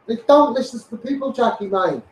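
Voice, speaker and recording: A man's voice: extremely high pitch, lively intonation, a little fast, echoey room, recorded from a distance, poor audio. A man with a Liverpool accent hosting a casual live stream, reading out viewer comments and calling people mate. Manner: addresses viewers by name, calls them mate.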